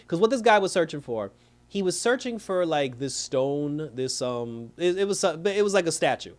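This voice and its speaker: A man with a somewhat high voice reviews a movie in a loose, slangy recap. He curses freely and slips into quick impressions of the characters. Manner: animated, slangy, profane, retells scenes with quoted voices. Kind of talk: casual plot recap.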